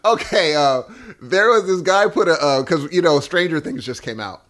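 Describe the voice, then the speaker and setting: A man's voice: a little high, animated, moderate pace, fairly bright tone. A man in his thirties co-hosting a podcast, chatting casually with slang and frequent laughs. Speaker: podcast co-host. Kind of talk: casual chat.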